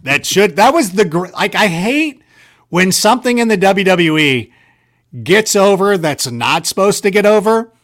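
A man casually telling stories on a podcast, animated and self-deprecating, filling his talk with "like" and "you know". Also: high voice, moderate pace. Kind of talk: casual storytelling chat.

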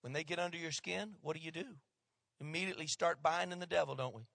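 A male pastor preaching a sermon, swinging between loud emphatic lines and hushed asides. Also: on the high side, quick pace, vocal fry, no echo.

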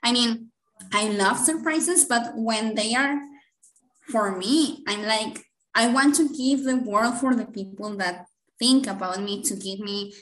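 A woman's voice: on the high side, unhurried, a bit bright. Emotional, rambling woman in an echoey room. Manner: emotional, rambling, laughs often. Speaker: podcast co-host. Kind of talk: casual chat.

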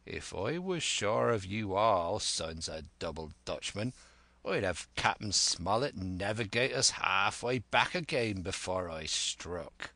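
A man voicing a scheming older pirate cook with gruff old seafaring speech. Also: fairly low pitch, expressive, slow, pushed and bright, no room sound, heavily acted. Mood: persuasive.

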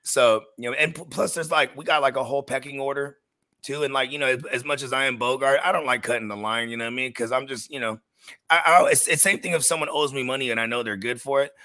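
A middle-aged man co-hosting a fantasy football show, talking in casual slang and telling animated stories. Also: mid-range voice, quick pace, dry recording. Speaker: podcast co-host. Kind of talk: casual chat.

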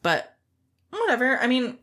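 A woman co-hosting a podcast in casual chat, telling an animated story and acting out the quoted lines in a raised voice. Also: high-pitched, measured pace. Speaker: podcast co-host.

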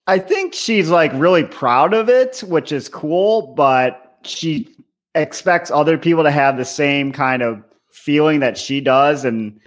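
A man's voice: a little high, measured pace. A man co-hosting a podcast in casual chat, laid-back, often laughing and hedging his points. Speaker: podcast co-host.

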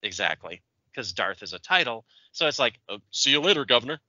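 A man's voice: mid-range voice, big pitch swings, brisk, pushed and bright, dry recording, dull audio. A man co-hosting a podcast in casual chat, opinionated and ranting. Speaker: podcast co-host.

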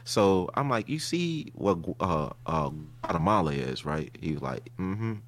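Profane animated man telling a story. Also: low-pitched, a little slow, faint music behind. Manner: animated, profane, retells a heated argument. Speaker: podcast host. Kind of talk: casual storytelling chat.

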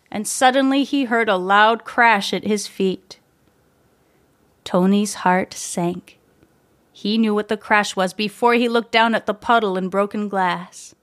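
A woman narrating a children's story aloud, gentle and measured. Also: mid-range voice.

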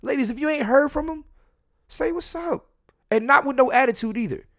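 A man's voice: extremely high pitch, fairly quick, a bit bright. A man hosting a casual solo podcast from a room at home, blunt and profane, often repeating himself and restarting as he talks straight to his listeners. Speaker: podcast host. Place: home room near a window.

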